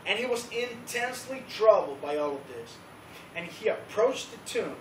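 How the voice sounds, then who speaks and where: A man giving a casual, animated teaching at a church youth service, acting out the voices of the crowd as he tells the story. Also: high-pitched, normal speed. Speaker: youth leader. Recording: roomy, distant recording with faint background noise.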